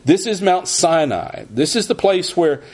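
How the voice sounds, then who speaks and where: A man giving an expository sermon, teaching in a measured way and often restarting his phrases. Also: high-pitched, expressive, darkish tone, slightly rough.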